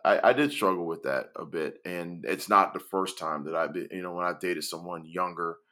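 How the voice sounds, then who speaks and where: Very deep-voiced, hesitant man. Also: normal speed, pushed and bright. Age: 40s. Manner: hesitant, many fillers, chuckles. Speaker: podcast guest, school educator. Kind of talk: casual podcast chat.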